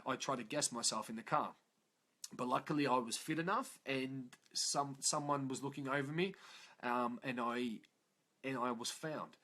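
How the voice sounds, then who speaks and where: A man's voice: mid-range voice, pushed and bright. An Australian man telling his own story in a raw, emotional and profane confessional way. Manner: raw, profane, emotional, frequent "yeah?" tag questions. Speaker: motivational vlogger.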